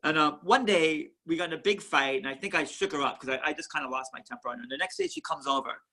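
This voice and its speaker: A man who founded a museum chats in an interview at home, an animated storyteller who repeats and restarts his words. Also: on the high side, fast. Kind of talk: casual interview chat.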